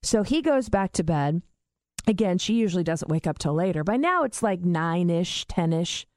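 A woman in casual podcast chat, telling an animated story. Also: fairly low pitch, moderate pace, no room sound. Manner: animated storytelling, acts out quoted voices.

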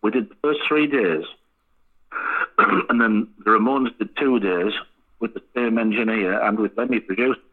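Male rock musician guest, husky low voice, swears freely, phone-line sound. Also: measured pace. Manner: swearing, laughing anecdotes. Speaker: band frontman guest. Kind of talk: casual storytelling interview.

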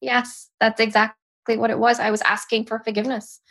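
Gravelly-voiced woman telling a personal story. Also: a little high, flat delivery, a bit bright. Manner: emotional, halting retelling with restarts. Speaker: podcast guest. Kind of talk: personal storytelling in a podcast interview.

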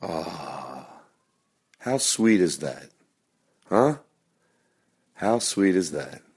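Low-voiced host talking softly. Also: male voice. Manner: soft-spoken, partly whispering. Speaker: radio show host. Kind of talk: casual chat.

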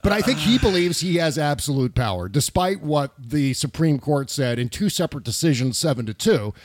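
A man on a political podcast, emphatic and animated, asking rhetorical questions in casual discussion. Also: on the high side, brisk.

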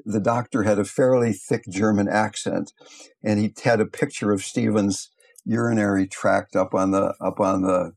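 An older man, a meditation teacher, giving a gentle, thoughtful talk and telling stories along the way. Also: on the low side, creaky, husky. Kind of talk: reflective talk with storytelling.

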